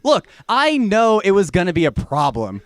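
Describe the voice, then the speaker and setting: Rambling, profane stand-up comedian. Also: male voice, high voice, wildly swooping pitch, normal speed, clean tone. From Georgia, US. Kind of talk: live stand-up set. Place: small comedy venue.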